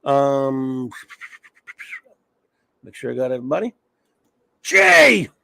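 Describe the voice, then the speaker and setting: Guy hosting a chill stream, gravelly voice, kinda high, super dry sound. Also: expressive, moderate pace, no echo. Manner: rambling, reads off viewer names, loose. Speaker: livestream host. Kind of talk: casual chat.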